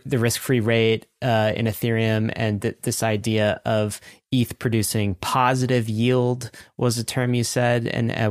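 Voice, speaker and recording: A man hosting a podcast who sums up what his guest said and asks him to explain. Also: fairly low pitch. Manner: summarizing and probing. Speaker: podcast host. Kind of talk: interview questions.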